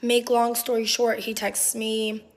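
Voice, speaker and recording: A woman's voice: fairly high pitch, a little slow. A young adult woman telling a story from her own life in a casual vlog, with lots of swearing and constant fillers. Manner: animated, profane, fillers "like" constantly.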